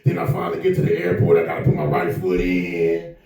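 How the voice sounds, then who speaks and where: A man doing a rumbling, boastful big-guy comic. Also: very animated, fairly quick, gravelly, dark tone, distant mic, exaggerated voice. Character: heavyset male comedian, boastful, rumbling. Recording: echoey room, mic from afar.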